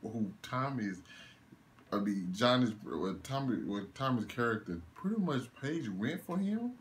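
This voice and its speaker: With a lowish voice at a moderate pace, a young man gives a casual movie review in one take, over slight background noise. His delivery is animated, full of incredulous ranting, laughter, and swearing.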